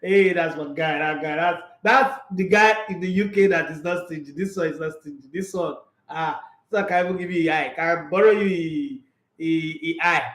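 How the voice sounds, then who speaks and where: A man with a Nigerian accent hosting a casual sports livestream, animated, laughing often and switching between Pidgin and English. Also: fairly high pitch, moderate pace, echoey room.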